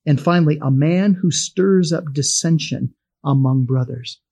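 Husky-voiced folksy male Bible teacher. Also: fairly high pitch, unhurried, dark tone. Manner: homespun, chuckling, conversational storyteller.

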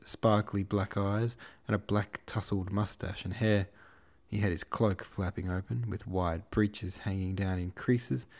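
A man's voice: lowish voice, mellow. A man podcast host reading a novel aloud in an irreverent, swearing style with cheeky asides. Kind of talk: irreverent audiobook narration.

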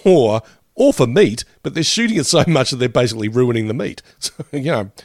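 A man's voice: medium pitch, very animated, fairly quick, a little mellow, no room sound, studio quality. A man co-hosting a podcast in casual chat, laughing often and swearing freely. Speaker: podcast co-host.

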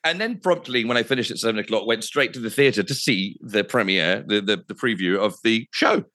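A man's voice: fairly low pitch, expressive, fairly quick, pushed and bright. A man, a radio presenter telling anecdotes casually, swearing freely and laughing at himself. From England.

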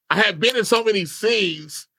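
Brief: lively, profane male storyteller, slightly high voice, dry mic. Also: slightly rough, dry recording. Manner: animated, profane, acts out quotes. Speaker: podcast guest telling a story. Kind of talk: casual storytelling.

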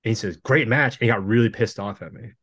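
A man's voice: fairly low pitch, fairly even intonation, rapid-fire, husky, no echo, clean studio sound. A man guesting on a podcast, telling rambling anecdotes casually and laughing things off. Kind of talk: casual storytelling chat.

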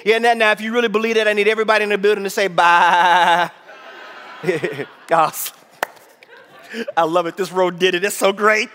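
A man preaching a sermon to a congregation, calling out for responses and often shouting with excitement. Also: high voice, quick pace, slight background noise. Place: church with audience. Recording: long hall reverb.

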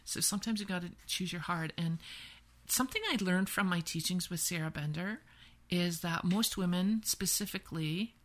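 A woman from Canada with a lowish, gravelly voice, speaking as a podcast guest who teaches women's empowerment. She talks through her points casually, leaning on "right?" and slipping into little acted-out example lines. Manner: explains with repeated "right?" and acted-out example phrases.

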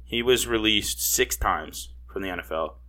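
A man's voice: on the low side, moderate pace, pushed and bright. A man co-hosting a casual sports podcast, heated and swearing often, restarting his sentences. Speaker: podcast co-host.

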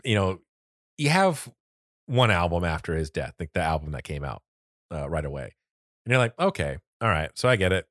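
A man with a Florida accent talks loosely on a podcast, rambling and joking and laughing often. His voice sits low. The sound is dry and close, with no room around it. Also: no room sound. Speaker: podcast co-host. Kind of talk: casual chat.

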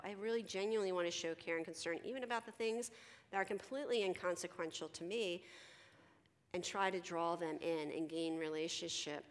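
A middle-aged counselor from Philadelphia gives a chatty, animated conference talk in a fairly low voice, acting out teenagers and herself in quoted dialogue. A long reverb trails her words through a large hall.

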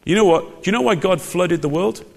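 A man's voice: sits high, a little fast, gravelly, slightly rough. A man delivers a sermon in a slightly raised voice. He talks in an emphatic, conversational way and keeps asking the congregation questions. His words ring out with the long reverb of a church hall. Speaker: preacher.

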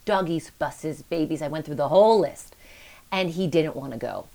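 A woman in her thirties, a mother and host, telling a story in a lively, self-deprecating way with laughs. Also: deep voice, moderate pace, gravelly. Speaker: podcast host, mother of a toddler. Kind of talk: casual conversational storytelling.

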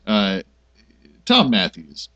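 Man, animated swooping voice, gushing podcast co-host, casual chat, lo-fi muffled audio. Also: lowish voice, very slow, a loud crowd. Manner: animated, gushing, many fillers.

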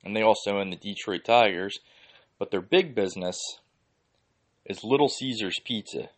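A Philadelphia man hosts a podcast, ranting in a casual yet heated way, swearing often and filling his speech with "like." His voice is lowish and his pace moderate.

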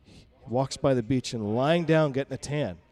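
A man co-hosting a podcast, telling a profane, animated family story in casual chat. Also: mid-range voice, moderate pace. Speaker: podcast co-host.

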